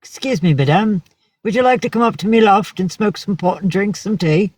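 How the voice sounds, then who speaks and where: A woman putting on the voice of a polite, courtly English gentleman making a genteel invitation. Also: medium pitch, expressive, brisk, slightly rough, no echo, far from the mic, voice pushed up.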